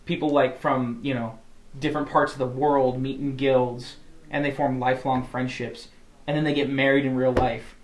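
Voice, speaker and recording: A man in casual podcast chat, full of eager restarts and fillers. His voice sits at a middling pitch. The room around him has a roomy echo. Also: level tone, moderate pace. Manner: enthusiastic, rambling with many restarts and fillers. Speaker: podcast co-host.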